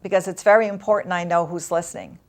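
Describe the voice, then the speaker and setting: A woman guest in an interview, telling a painful personal story in an emotional, halting way with long pauses. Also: on the low side, a little mellow.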